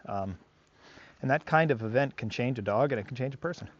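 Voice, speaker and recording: A man's voice: medium pitch, expressive, a little fast, breathy edge, highs cut off. A man working as a dog trainer, talking casually to the camera on an outdoor walk, rambling and reflective with many fillers.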